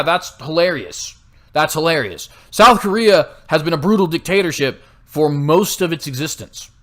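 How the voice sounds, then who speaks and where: A man's voice: a little high, a bit bright. A young American man hosting a political commentary show, delivering a heated, sarcastic monologue with frequent "right?" tags. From United States. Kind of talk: opinionated monologue.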